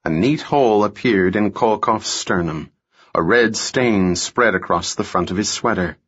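Slow, husky male audiobook narrator. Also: on the low side, a bit bright, muffled recording. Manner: measured, unhurried thriller reading. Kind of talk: scripted narration.

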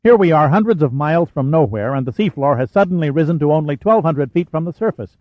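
A man voicing an excited male naval officer who reads out depth soundings with breathless urgency. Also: on the high side, a little fast, no echo, lo-fi sound, voice pushed up, lightly acted. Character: excited male sonar officer at chart table.

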